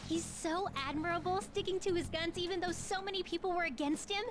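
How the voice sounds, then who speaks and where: An actress playing an earnest, judgmental female high school student in a video game, heard over game music. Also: fairly quick. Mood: admiring. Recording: game audio under background music.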